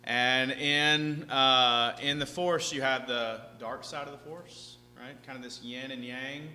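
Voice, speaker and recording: Bright-voiced man teaching in an echoey hall. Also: medium pitch, slow pace, faint music behind. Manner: animated, chatty, keeps asking "right?". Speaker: speaker teaching a seminar audience. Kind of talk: lively seminar talk to an audience. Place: large hall with an audience. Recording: echoey hall, faint hum.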